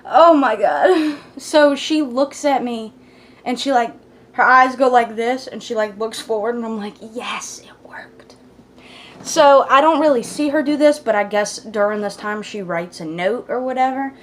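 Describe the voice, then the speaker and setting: A young woman casually telling a personal story to the camera in a blunt, profane way, swinging between loud asides and hushed whispers. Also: a little high, normal speed, a little hiss or hum. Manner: blunt, profane, talks with lots of fillers.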